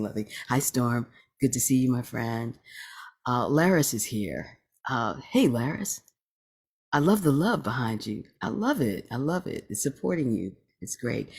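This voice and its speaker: A man hosts a live online sing-along and greets viewers by name, upbeat and full of puns. His voice has a gravelly fry and a husky edge. It sounds like he is on a video call. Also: mid-range voice, a little mellow.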